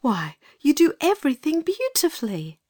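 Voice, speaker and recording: A man's voice: extremely high pitch, huge pitch swings, moderate pace, darkish tone, no room sound, studio quality, pitched above the performer's own voice, exaggerated voice. A man doing an eager young girl. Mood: warm. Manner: earnest, eager. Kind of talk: audiobook character voice.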